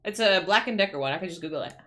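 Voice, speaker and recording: A woman's voice: fairly low pitch, expressive, racing, background noise. A woman streamer chatting casually at home, ranting in exasperation, swearing and restarting her sentences. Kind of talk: casual livestream chat.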